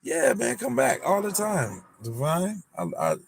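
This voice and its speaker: Gravelly man teasing on a livestream. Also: high-pitched, unhurried, slight background noise. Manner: animated, teasing, slangy, lots of fillers. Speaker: podcast host. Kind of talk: early-morning livestream chat.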